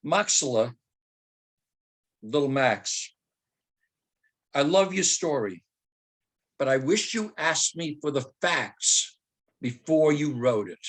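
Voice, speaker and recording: A woman's voice: deep voice, big pitch swings, slow, pauses often, heavily acted. A man voicing his elderly immigrant mother with a Polish accent, fussing and scolding in a motherly way. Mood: tender.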